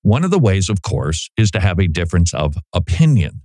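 Animated folksy man, low voice. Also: a little fast, no room sound. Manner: folksy, animated, with frequent restarts. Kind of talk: conversational commentary monologue.

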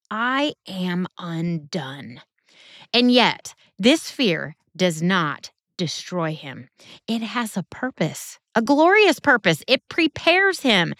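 A woman's voice: mid-range voice, fairly bright tone, no echo, clean studio sound. A woman giving a Bible teaching sermon in an earnest, conversational way with emphatic turns.

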